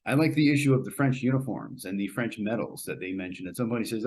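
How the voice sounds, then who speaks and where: A man's voice: lowish voice, quick pace, few pauses, darkish tone. A middle-aged man hosting a podcast, giving a casual, rambling film review full of fillers and restarts.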